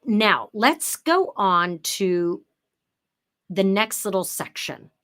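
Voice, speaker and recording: A woman's voice: medium pitch, big pitch swings, slow pace, fairly bright tone. Woman, middle-aged, workshop presenter, chatty, hands-on explaining, video call from home office. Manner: drops into emphatic, broadcaster-style read when showing the script. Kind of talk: online workshop teaching.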